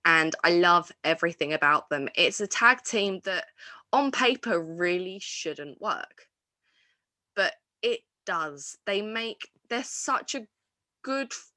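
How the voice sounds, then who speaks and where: A woman's voice: on the low side, animated, slow pace, bright, forceful tone, no room sound. A woman hosting a wrestling review show, chatting casually and enthusiastically, rambling with restarts and fillers. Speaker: wrestling podcast host.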